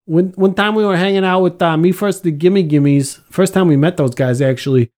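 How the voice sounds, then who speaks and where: A man's voice: high-pitched, normal speed, darkish tone. A man in casual conversation, laid-back, laughing often and swearing freely. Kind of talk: casual podcast chat.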